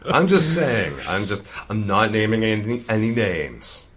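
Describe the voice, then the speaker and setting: A man's voice: lowish voice, very animated, a little slow, a bit bright, husky. A man from Eastern Canada, a guest on a podcast, chatting casually. He swears freely and giggles a lot. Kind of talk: casual chat.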